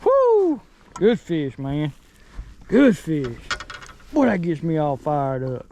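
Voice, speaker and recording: A middle-aged man with a drawl talks folksy and excited as he reels in fish from a boat, his high voice jumping all over the place. He takes his time between whoops and laughs. A faint outdoor hum sits behind him on the water. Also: slow, muffled recording. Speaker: fishing vlogger. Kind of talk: excited fishing commentary.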